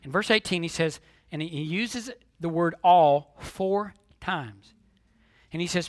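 A man preaching a sermon as a pastor, asking rhetorical questions and swinging between hushed and emphatic delivery. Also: on the high side, a little slow, dry recording, clean studio sound.

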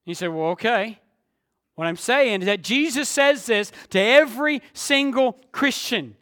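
A man's voice: very high-pitched, expressive, unhurried, bright, forceful tone. A man preaching a Sunday sermon, repeating key phrases for emphasis and drawing out his words. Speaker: pastor.

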